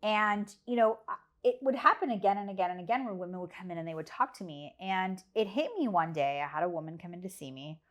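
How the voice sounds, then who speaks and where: A woman's voice: fairly low pitch, animated, quick pace, hardly any pauses. A woman speaking as a podcast guest, telling a personal story candidly, with earnest emphasis and repeated phrases. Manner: candid about struggles. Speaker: podcast guest, business leader.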